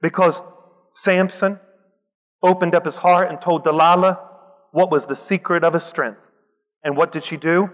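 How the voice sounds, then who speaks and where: A man preaching a lively sermon, acting out the people he quotes and breaking into loud bursts. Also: on the high side, normal speed, pauses often. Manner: animated, acts out quoted voices, loud bursts. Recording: long hall reverb.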